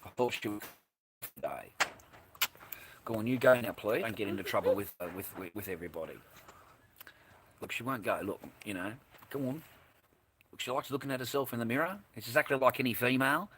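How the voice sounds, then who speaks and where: A man's voice: medium pitch, lively intonation, fairly quick, pauses often, a bit bright, a little hiss or hum. An Australian man hosting a casual livestream, rambling and swearing bluntly as he answers his live chat. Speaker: livestream host.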